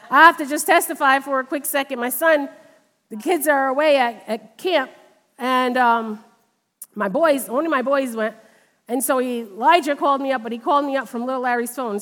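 High-voiced woman preaching in a reverberant hall. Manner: conversational, animated in retold dialogue. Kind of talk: sermon with personal testimony. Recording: long reverb of a large hall.

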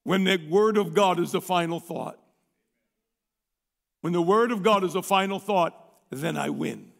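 A male pastor preaching a sermon in a conversational, folksy way, reading a story aloud and often clearing his throat. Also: high-pitched, a little slow, big-room sound.

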